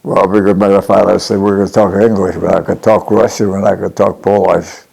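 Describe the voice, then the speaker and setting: A man aged one hundred from upstate New York, answering interview questions in short, halting replies and often repeating the question back. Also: low-pitched, flat delivery, creaky, a little mellow, breathy edge. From Niagara Falls, New York. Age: 100. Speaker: interviewee, war veteran.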